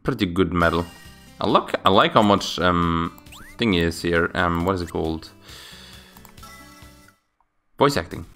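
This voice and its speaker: Give me a low-pitched man casually commenting on a game while he plays. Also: measured pace, pauses often, pushed and bright, soft background music. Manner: rambling, searching for words with fillers. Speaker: let's play host.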